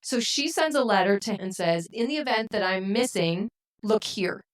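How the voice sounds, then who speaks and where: Woman, podcast co-host, casual discussion, measured, deliberate. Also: mid-range voice, lively intonation, poor audio.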